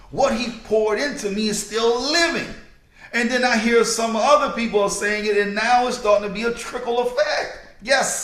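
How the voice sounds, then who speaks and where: A man hosting a motivational podcast, preaching his points and repeating key lines slowly so they sink in. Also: high-pitched, a bit bright. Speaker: podcast host. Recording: echoey room.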